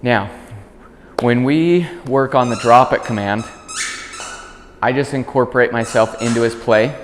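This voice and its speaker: A man working as a dog trainer, explaining commands in a calm instructional demonstration. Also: a little slow, big-room sound, slight background noise. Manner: calm explaining, high-pitched praise to the dog.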